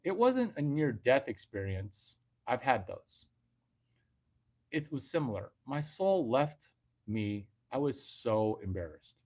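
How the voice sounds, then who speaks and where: Slow, crude rambling man. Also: medium pitch, big pitch swings, a little mellow. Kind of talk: rambling comic livestream rant.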